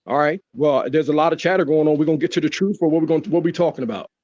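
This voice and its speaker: Male caller in a heated debate, fairly high voice, keeps repeating himself, dull lo-fi call sound. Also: rapid-fire, darkish tone, no room sound. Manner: insistent, repeats himself to hold the floor.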